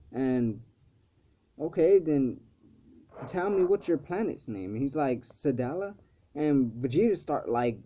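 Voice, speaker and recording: A man's voice: on the high side, animated, measured pace. A man casually recapping a cartoon episode, rambling with lots of fillers and swearing freely. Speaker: episode reviewer. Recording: slightly dull lo-fi recording.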